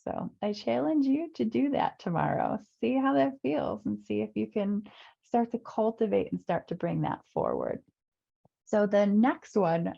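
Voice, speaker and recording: A woman's voice: medium pitch, vocal fry, dark tone, breathy edge. A woman life coach giving an earnest webinar talk, repeating key phrases and acting out the voices in people's heads. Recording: dull lo-fi webinar audio.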